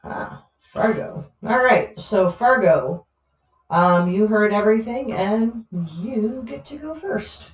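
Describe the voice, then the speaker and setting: A woman running a tabletop game as game master, relaxed and hesitant with many fillers. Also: medium pitch, slow pace, reverberant, lo-fi sound.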